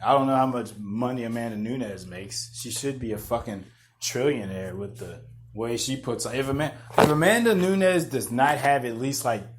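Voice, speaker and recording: A man hosting a podcast, rambling in excitable, profane casual chat full of restarts. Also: mid-range voice. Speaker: podcast host. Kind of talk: casual chat about MMA fights.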